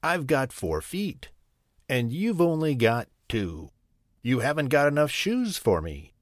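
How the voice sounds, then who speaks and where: A man's voice: medium pitch, sing-song, slow, dry recording, clean studio sound, pitched above the performer's own voice. A man doing a boastful greedy tiger. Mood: demanding.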